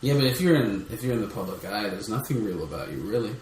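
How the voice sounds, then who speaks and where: A man's voice: fairly low pitch, lively intonation, fast talker, darkish tone. A man co-hosting a podcast in casual chat, giving rambling, opinionated rants with swearing. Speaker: podcast co-host. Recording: echoey room with faint background noise.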